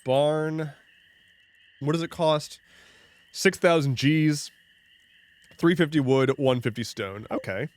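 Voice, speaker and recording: A man's voice: fairly high pitch, unhurried, pauses often, dry recording. Rambling jokey male game streamer. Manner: rambling, jokey, talks to chat; frequent restarts and swearing. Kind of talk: casual live-stream chat while gaming.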